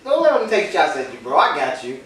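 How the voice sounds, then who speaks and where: A man's voice: a little high, very animated, a little fast, a bit bright. A man hosting a casual album review chat, teasing and laid-back. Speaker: host. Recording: echoey room, far from mic, faint noise.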